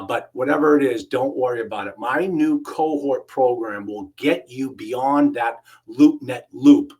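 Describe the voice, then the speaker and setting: A middle-aged man hosting a live webinar as an investing coach, pitching energetically with frequent fillers and restarts. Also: a little mellow, husky. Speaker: webinar host, real estate investing coach.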